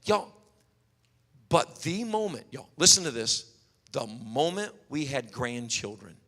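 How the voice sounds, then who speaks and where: A man preaching a sermon, telling animated stories and acting out quotes. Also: mid-range voice, slow pace. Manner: storytelling, animated, acts out quotes. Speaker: pastor. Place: church hall. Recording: long hall reverb.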